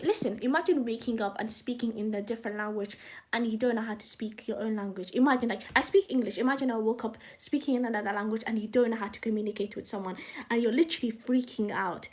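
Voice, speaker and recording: A young woman live-streaming, reading from her own book in a rambling, self-conscious way, breaking off with asides to her viewers. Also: on the high side. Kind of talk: live casual reading and chat.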